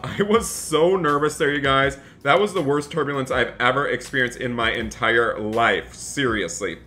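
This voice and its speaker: A young man commentating a role-play game as a flight attendant, talking excitably straight to his viewers. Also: mid-range voice, moderate pace, few pauses, faint music behind. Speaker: gaming YouTuber.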